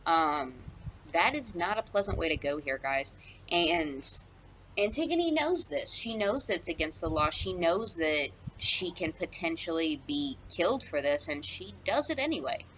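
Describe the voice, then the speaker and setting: A young high school English teacher casually explains a play in a recorded lesson, chatty and full of ums, fillers and asides. Her voice is fairly low and sing-song, fairly bright, at a measured pace. The audio is poor, with slight background noise.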